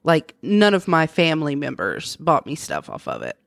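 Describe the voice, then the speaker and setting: Chatty woman w a low voice, laughs easy, super dry close sound. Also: wildly swooping pitch, moderate pace, creaky, dry recording. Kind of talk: casual chat.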